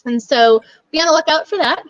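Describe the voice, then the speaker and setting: A woman's voice: high-pitched, brisk, dry recording, muffled recording. A young woman hosting a book club live stream, chatting casually and gushing, with many laughs and fillers.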